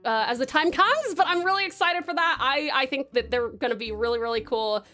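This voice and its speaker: A woman's voice: sits high, fairly quick, pushed and bright, soft background music. An Australian woman from Tasmania chatting casually with viewers on a live stream, bubbly and gushing, with lots of fillers and restarts. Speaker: livestreamer.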